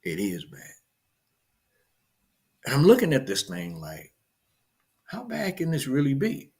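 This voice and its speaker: This middle-aged pastor's livestreamed morning sermon is casual, full of viewer greetings by name, alternating loud shout-outs with hushed storytelling. His fairly high voice swoops wildly in pitch, creaky and husky, at normal speed.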